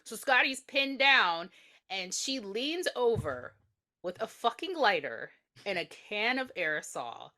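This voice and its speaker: Bright, expressive woman podcast co-host. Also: mid-range voice, slow pace. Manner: energetic storytelling, acts out quotes. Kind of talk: casual film review chat.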